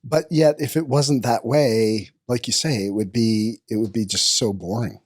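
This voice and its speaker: A man's voice: mid-range voice, moderate pace, no echo, clean studio sound. A man hosting a podcast, answering his guest with short agreeing remarks in casual chat. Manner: brief agreeing responses. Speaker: podcast host.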